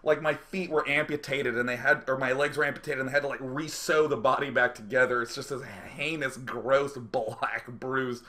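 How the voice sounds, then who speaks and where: A man telling a casual, profane anecdote, acting out his own reactions and dropping to quiet mutters when reliving the aftermath. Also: mid-range voice, fairly even intonation, normal speed, hardly any pauses. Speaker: storyteller.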